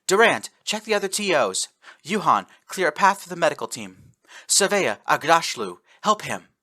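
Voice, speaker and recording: A man's voice: medium pitch, big pitch swings, moderate pace, bright, forceful tone, voice pushed up. A man voicing a tough female space marine sergeant who speaks in clipped, matter-of-fact lines. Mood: brisk.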